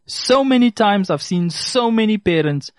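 Emphatic man with lively pitch. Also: moderate pace, dry recording, studio quality. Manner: emphatic, repeats key phrases for stress. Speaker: consumer advice presenter. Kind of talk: casual advice talk to listeners.

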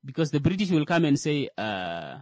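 A man's voice: fairly high pitch, very animated, moderate pace, darkish tone, no room sound. A man giving comedic, sarcastic commentary on tech, rambling with many fillers and restarts. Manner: sarcastic, mocking asides.

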